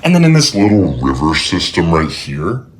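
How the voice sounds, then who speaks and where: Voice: low-pitched, very animated, moderate pace, slight background noise. A performer delivering punchlines in a comedy sketch, swearing casually.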